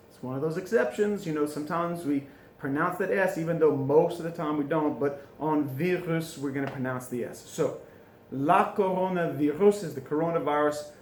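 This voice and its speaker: A man teaching French in a classroom, chatty and informal, repeating phrases slowly for students to drill. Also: a little high, echoey room, slight background noise. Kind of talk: recorded classroom lesson. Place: classroom with a board.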